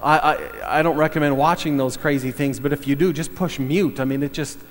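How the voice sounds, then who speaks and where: A middle-aged man telling a story in a sermon, halting, with many fillers and restarts. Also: on the high side, fairly even intonation, in a large hall.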